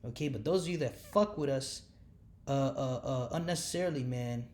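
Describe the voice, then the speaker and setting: A man giving informal, heated scripture commentary, cursing often and tagging lines with "man", sometimes dropping to quick low asides. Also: a little mellow. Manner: mutters asides low and fast. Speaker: religious speaker.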